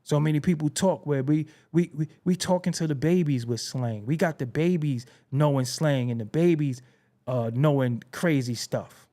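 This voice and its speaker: A man's voice: fairly high pitch, moderate pace, dark tone. A man from Brooklyn with a Brooklyn accent, hosting a casual commentary monologue in a blunt, preachy way, swearing freely. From Brooklyn, New York. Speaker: show host.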